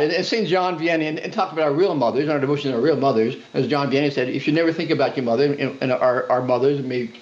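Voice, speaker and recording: A man speaking as a guest on a faith show, fervent and preacherly, driving his points home by repeating phrases. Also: medium pitch. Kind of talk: impassioned religious talk. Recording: dull lo-fi audio.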